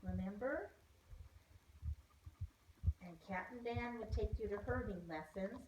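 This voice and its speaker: A woman's voice: mid-range voice, slow, far from the mic. Woman telling her dog a story. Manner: coaxing, sing-song talk addressed to the dog. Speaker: dog owner. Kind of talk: storytelling to a pet. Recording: echoey room, voice from off-mic, faint noise.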